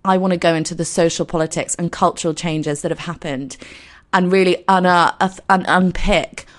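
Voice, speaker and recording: A woman in her twenties with a croaky voice, hosting her podcast in a chatty, self-deprecating, rambling way. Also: lowish voice, fairly even intonation, moderate pace. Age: 20s. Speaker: podcast host. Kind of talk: casual solo podcast intro.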